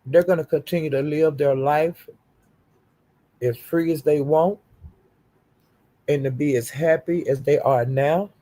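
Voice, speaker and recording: Gravelly older woman on a profane rant. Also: sits low, mellow. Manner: profane, confrontational, defiant. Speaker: YouTube streamer. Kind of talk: livestream rant.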